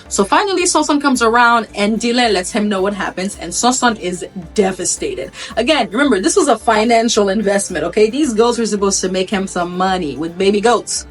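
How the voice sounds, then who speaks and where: A woman's voice: medium pitch, expressive, brisk, few pauses, soft background music. A woman casually retelling a story, chatty, with many asides.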